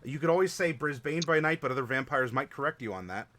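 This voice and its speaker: A man's voice: mid-range voice, animated, quick pace, a bit bright, slight background noise. A tired man running a tabletop game stream, wrapping up with lots of fillers and restarts. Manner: rambling, many fillers and restarts. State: tired, short on sleep. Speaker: game master.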